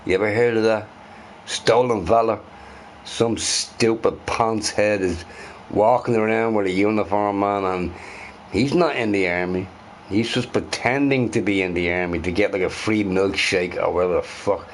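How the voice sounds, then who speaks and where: A man's voice: lowish voice, moderate pace, slight background noise. A young man ranting loosely to his live chat, swearing and repeating himself. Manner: animated, sweary, repeats phrases. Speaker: live streamer answering chat.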